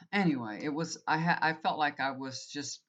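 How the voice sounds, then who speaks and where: A woman's voice: low voice, moderate pace, a bit bright, lo-fi sound. A woman tarot reader and healer in an earnest, rambling casual spiritual talk, with many fillers.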